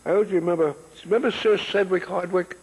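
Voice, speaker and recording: A man's voice: sits high, steady tone, fast talker, gravelly, a little mellow, husky. A man in his eighties, a guest in a casual interview, telling rambling stories and joking and laughing often. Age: 80s. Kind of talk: casual chat. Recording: long echoing reverb.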